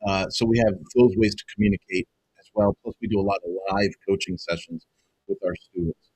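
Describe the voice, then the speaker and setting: A man who runs a web design business, giving an excited, emphatic pitch to viewers and calling them folks over and over. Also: fairly quick, slight background noise, poor audio. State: excited, half-yelling. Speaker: web design agency owner and coach. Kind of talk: energetic direct-to-camera pitch.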